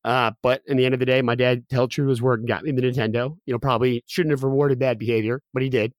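A man in his thirties, a podcast guest, telling a personal story quickly with many restarts and fillers. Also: mid-range voice, level tone, no echo. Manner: rapid, with frequent restarts and fillers.

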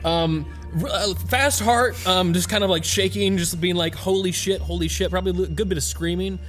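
Man, tabletop player, somewhat high voice, hesitant, lots of ums, faint music. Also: brisk, a bit bright. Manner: hesitant and flustered, many ums. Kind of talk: live tabletop role-play.

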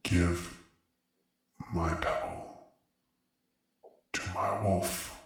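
A man voicing the unseen, wolf-mouthed being in a tabletop game, speaking in a cold, slow, breathy half-whisper. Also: deep voice, little pitch movement, very echoey, far from the mic, exaggerated voice.

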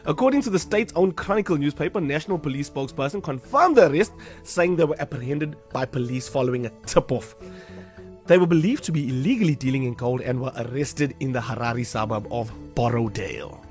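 A man's voice: medium pitch, a little fast, faint music behind. Man in mock newsreader mode. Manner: mock newsreader delivery, wry teasing. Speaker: radio co-host reading news. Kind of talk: casual radio banter.

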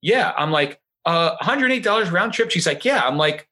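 A man's voice: a little high, normal speed. A middle-aged man telling a story in casual chat, acting out the voices of the people he quotes. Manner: animated, acts out quoted voices.

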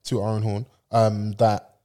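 A man with a lisp co-hosting a casual podcast chat, asking quick rambling questions. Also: on the low side, monotone, mellow. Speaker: podcast co-host.

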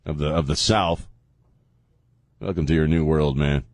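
A man's voice: very deep voice, steady tone, unhurried, no room sound. A male radio host in casual on-air banter, teasing and sarcastic, often laughing. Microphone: studio microphone.

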